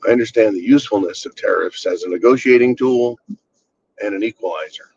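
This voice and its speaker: A man's voice: lowish voice, fairly quick, creaky, darkish tone, breathy edge, dull audio. A man hosting his own channel, ranting bluntly and with exasperation, swearing freely. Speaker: channel host. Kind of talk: casual political rant.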